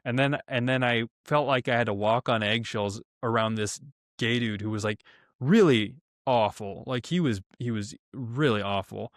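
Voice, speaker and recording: A young man telling a story on a podcast in a casual, profane, animated way, acting out quotes in raised voices. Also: mid-range voice, moderate pace, dry recording, clean studio sound. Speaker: podcast co-host.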